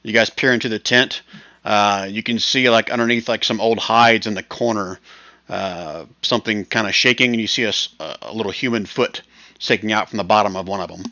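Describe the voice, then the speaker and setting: A man narrating as game master of a tabletop game over voice chat, relaxed and rambling. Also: fairly low pitch, a little fast, dry recording. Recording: dull lo-fi voice chat.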